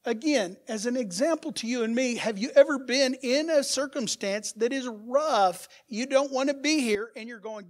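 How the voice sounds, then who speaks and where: With an extremely high pitch, a moderate pace, and few pauses, a man preaches as pastor. His sermon features rhetorical questions to the congregation and shifts from soft asides to loud, emphatic bursts.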